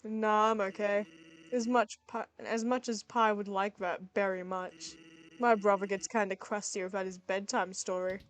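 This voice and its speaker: A woman's voice: mid-range voice, moderate pace, lightly acted. Sans, a woman doing a laid-back skeleton guy. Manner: relaxed and punning. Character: laid-back joking male skeleton, easygoing.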